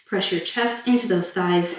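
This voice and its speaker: A woman fitness instructor calmly talking listeners through a stretching cool-down while doing it herself. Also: fairly low pitch, normal speed. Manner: calm, encouraging cues while demonstrating stretches. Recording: very echoey room, mic far off.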